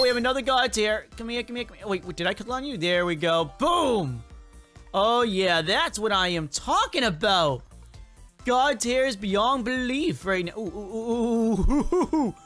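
A man's voice: high-pitched, fairly bright tone. Hyped young man gaming commentator. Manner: hyped, croons "oh yeah, baby" at loot. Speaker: gaming video host. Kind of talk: excited gameplay commentary.

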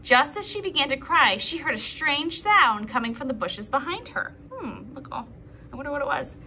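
A little hiss or hum runs under this recording of a woman teacher reading a picture book to preschool children. Her voice sits high, and she narrates slowly and animatedly, pausing for small remarks to the kids.

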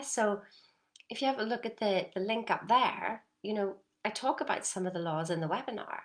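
Woman, middle-aged motivational coach, talks straight to camera, punchy and animated. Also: medium pitch. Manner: animated, emphatic, addresses viewer directly with frequent "yeah?". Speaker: personal development coach.

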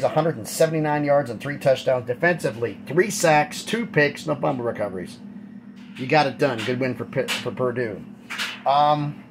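Man, casual football recap, blunt and opinionated, higher-pitched, noisy recording. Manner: blunt and opinionated, rattles off stats. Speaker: college football commentator.

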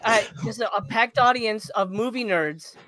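A man co-hosting a podcast, telling a story in a casual chat, getting excited, laughing and swearing. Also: sits high, moderate pace, no room sound. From Los Angeles area. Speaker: podcast co-host.

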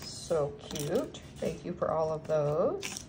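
Woman with a low voice, casual unboxing chat, gushing and chatty, noisy home recording. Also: big pitch swings, slow pace. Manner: gushing, chatty, lots of ums. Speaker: craft vlogger.

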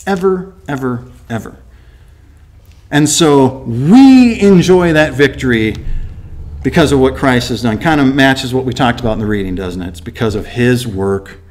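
Speaking at a moderate pace in a mid-range voice, a man walks his church through the Bible verse by verse. His style is animated and conversational; he poses rhetorical questions to his listeners and acts out little scenes.

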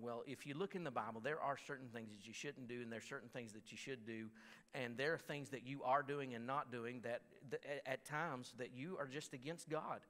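The same sanctuary's long reverb carries a mid-range, slightly bright male voice at a moderate pace. Preaching conversationally, the pastor stammers and restarts often, then reads scripture aloud with growing intensity.

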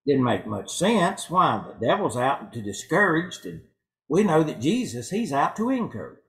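A man's voice: a little high, sing-song, moderate pace, fairly bright tone, poor audio. A male pastor giving an evening sermon in a church, folksy and fond of telling jokes. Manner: folksy joke-telling preacher. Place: church sanctuary.

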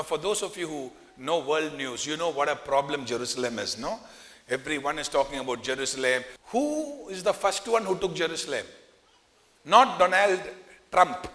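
A man's voice: a little high, fairly bright tone. A man preaching a sermon, telling a story with animation and putting questions to the congregation. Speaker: pastor. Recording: reverberant church hall.

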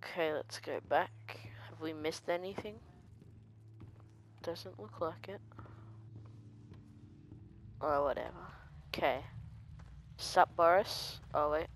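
Hushed, slow-talking game commentator. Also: medium pitch, slight background noise. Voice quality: hushed, easily startled. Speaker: video game let's-play commentator. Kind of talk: quiet let's-play commentary.

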